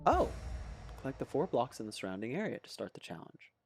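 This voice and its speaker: Chatty lively-voiced man playing a game. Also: mid-range voice, a little fast, slightly rough, faint music behind. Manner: chatty, rambling, self-amused. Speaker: let's play host. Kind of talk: casual gameplay commentary.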